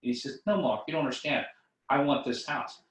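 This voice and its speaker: A man's voice: medium pitch, fairly quick. A middle-aged man tells a motivational story and acts out both sides of the conversation. He sits back from the mic, and the room gives his voice a hollow echo. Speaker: motivational speaker. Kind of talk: storytelling talk on building wealth. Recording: echoey room from a distance.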